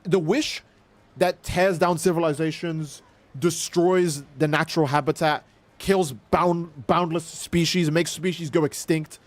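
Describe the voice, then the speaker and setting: A young man in casual livestream commentary, talking in an excitable, profane, rambling way. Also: a little high, no echo. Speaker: streamer.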